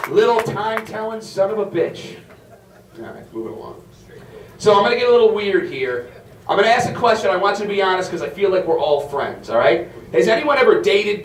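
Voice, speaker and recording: A man's voice: high voice, roomy sound, far from the mic, a little hiss or hum. A man doing a stand-up comedy set, telling stories in a brash, profane way. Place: comedy club stage.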